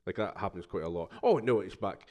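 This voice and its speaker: A man's voice: sits low, a little fast, darkish tone. A man co-hosting a podcast, joking and teasing in casual banter. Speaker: podcast co-host.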